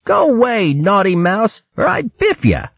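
Chugger, a squeaky baby squirrel. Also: male voice, wildly swooping pitch, measured pace, creaky, breathy edge, no echo, highs cut off, full character voice. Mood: scolding. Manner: lisping baby talk, high and squeaky. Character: cheeky baby male squirrel.

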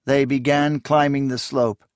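A man reading fantasy fiction aloud as a narrator, in a measured, even storytelling manner. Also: mid-range voice, no echo, clean studio sound. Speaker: audiobook narrator.

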